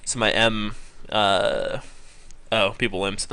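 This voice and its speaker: A man's voice: on the low side, steady tone, takes it slowly, sharp tone, clean tone. A young man giving casual live-stream commentary on poker, rambling with many ums and correcting himself as he goes. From California.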